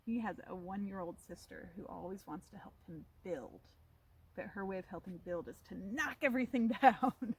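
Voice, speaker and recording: A woman reading a picture book aloud to children, pausing to ask them questions in an animated way. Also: mid-range voice, breathy edge. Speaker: storytime reader.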